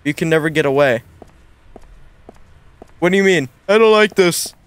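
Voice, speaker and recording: A young man talks to himself through a horror game, jumpy and uneasy. His voice sits high and comes out smooth. The sound is dry and close to a desk mic. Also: normal speed, fairly bright tone, dry recording. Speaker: gaming YouTuber. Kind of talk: horror game let's play commentary.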